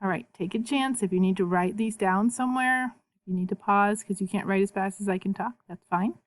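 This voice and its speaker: Slow, patient repetition marks this recorded video lesson, where a Spanish teacher with a mid-range voice models words for learners to copy.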